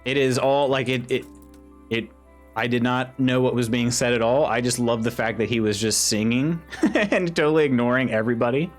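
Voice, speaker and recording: A male game streamer giving casual commentary during a live stream, constantly laughing and exclaiming. He reads chat messages aloud in a mid-pitched voice, with faint music playing under him. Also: fairly even intonation, normal speed.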